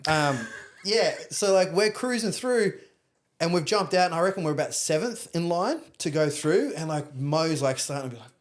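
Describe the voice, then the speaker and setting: Australian man, young, slightly high voice, lively casual storyteller, swears freely. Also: moderate pace. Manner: animated, acts out other people's lines, swears casually. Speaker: podcast guest.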